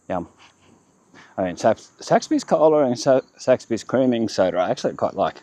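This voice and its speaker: A man's voice: fairly low pitch, warm tone. A man giving a rambling walking tour of his town, chatting in short self-correcting fragments as he walks outdoors. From Australia. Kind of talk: casual walking-tour commentary. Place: outdoors on town streets by a river.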